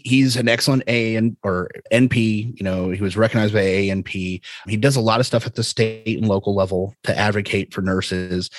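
A man's voice: fairly low pitch, no echo. Rambling, jokey American man. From United States. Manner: rambling, jokey, laughs often. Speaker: podcast co-host. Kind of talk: casual chat.

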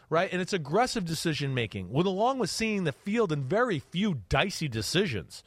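Animated man breaking down quarterback film. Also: on the high side, normal speed, few pauses, no room sound, studio quality. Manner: animated, acts out quarterback reads with sound effects. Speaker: podcast host and quarterback analyst. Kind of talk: casual podcast chat.

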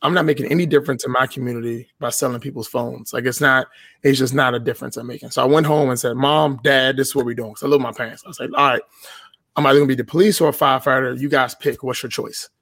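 A man's voice: mid-range voice, fairly even intonation, fast, creaky, fairly bright tone, dry recording. A young man telling a story on a podcast in a casual, blunt and profane way. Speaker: podcast guest.

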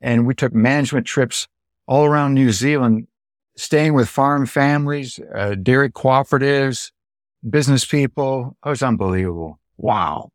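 With a medium pitch and moderate pace, this elderly man, a dairy farmer in his seventies from Illinois, USA, gives a storytelling interview and acts out the voices in his tales. The recording is studio quality with no echo.

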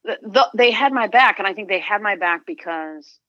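A woman's voice: mid-range voice, expressive, normal speed, sharp tone, no echo, dull audio. A middle-aged woman guest, a sports agent, talking earnestly and reflectively in an interview, often restarting her sentences. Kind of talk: conversational interview.

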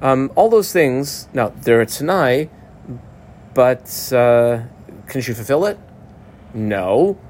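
Man as a casual Talmud teacher, chatty explainer, mid-pitched, light room noise. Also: animated, slow, long pauses, a little mellow. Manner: chatty, explains and translates terms, frequent fillers and restarts. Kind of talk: casual study lesson.

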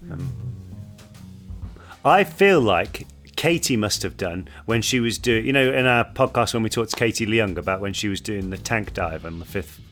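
A man's voice: lowish voice, moderate pace, faint music behind. Guy cohosting a podcast, goofy and bouncy, voice jumps all over. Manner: playful and animated, puts on silly voices. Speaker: podcast co-host. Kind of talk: casual podcast chat.

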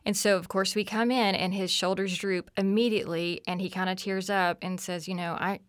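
A woman's voice: mid-range voice, fairly even intonation, fairly quick, no echo, clean studio sound. A woman in her forties, a podcast guest, telling stories about her children in an earnest, reflective way. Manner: earnest, reflective, acts out family dialogue. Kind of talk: conversational storytelling.

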